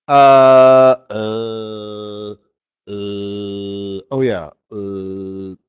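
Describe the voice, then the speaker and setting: Excitable man hosting a trading webinar. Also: fairly low pitch, extremely slow, clear, resonant tone, lo-fi sound. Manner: excitable, exclamatory, trails off while fiddling with charts. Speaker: forex market strategist hosting a live webinar. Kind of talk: live trading webinar commentary.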